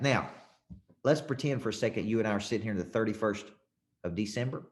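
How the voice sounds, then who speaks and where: A man's voice: on the low side, brisk. A man coaching a live audience on sales closes, folksy and emphatic, acting out scripted lines with shifting tone.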